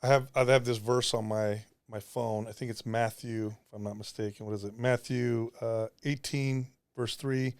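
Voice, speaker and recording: A man's voice: mid-range voice, fairly even intonation, moderate pace, hardly any pauses, clear, resonant tone, dry recording. A man guest on a podcast, talking earnestly and confessionally about prayer, often acting out what he said to God. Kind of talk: candid faith conversation.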